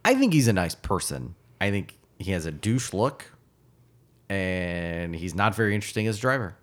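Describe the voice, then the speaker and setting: A man's voice: sits low, very animated, moderate pace. A man co-hosting a podcast, chatting casually with dry, wry humor. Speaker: podcast co-host. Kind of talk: casual chat.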